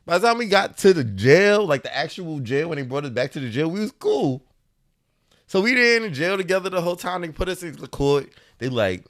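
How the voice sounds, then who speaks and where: A man in his thirties co-hosts a podcast and tells a story in casual conversation, speaking fairly high and fairly fast. He's animated, laughing often as he acts out the voices of the people involved.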